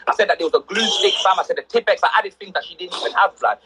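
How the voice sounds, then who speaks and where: A young man, telling animated stories on a livestream, full of street slang and acted-out quotes. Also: high voice, rapid-fire, few pauses, husky, low-quality recording. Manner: slang-heavy, excitable, acts out quotes. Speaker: livestream host.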